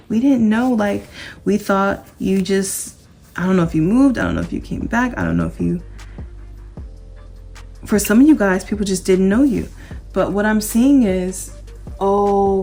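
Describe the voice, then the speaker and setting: A woman giving an excited, emphatic tarot reading to camera, talking casually and repeating herself. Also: mid-range voice. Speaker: tarot reader.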